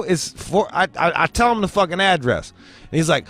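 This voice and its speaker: A man's voice: on the high side, brisk, vocal fry, faint music behind. A young man hosting a show, telling a story as a profane comedic rant and acting out the voices he quotes. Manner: animated storytelling, acts out quoted voices, swears heavily. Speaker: host.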